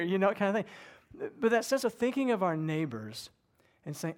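A middle-aged man preaching a sermon, his voice sitting a little higher than most men's. He talks in a loose, conversational way, often slipping into the voices of people talking to themselves. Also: moderate pace. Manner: conversational, animated, acts out inner voices. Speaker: pastor.

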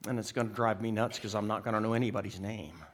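In church, a middle-aged pastor delivers a sermon fast, in a fairly low voice with fairly even intonation. His storytelling is folksy and full of jokes, and he plays the characters himself.

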